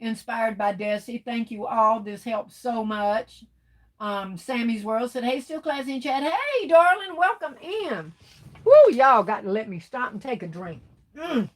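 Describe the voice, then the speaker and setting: A woman's voice: on the high side, lively intonation, unhurried. Chatty woman hosting a livestream. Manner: chatty, reads viewer comments aloud and answers them warmly. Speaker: livestream host. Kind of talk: casual livestream chat, reading comments aloud.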